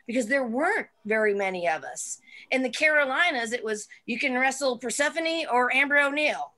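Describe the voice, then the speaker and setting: A woman's voice: sits high, expressive, moderate pace, pushed and bright. Rambling woman wrestler in casual chat. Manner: rambling, many fillers and restarts. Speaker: guest, wrestler.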